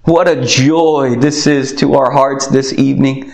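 A man preaching a sermon in an earnest tone, pausing to stress his words. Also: medium pitch, fairly even intonation, gravelly, a little mellow, echoey room. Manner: earnest, slow emphatic phrasing with many pauses. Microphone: recorded for video.

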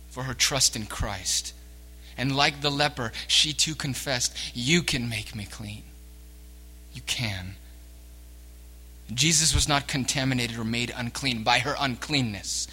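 A man preaching a sermon as pastor, swinging between hushed words and emphatic lines. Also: mid-range voice, slightly rough. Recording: long reverb of a church hall.

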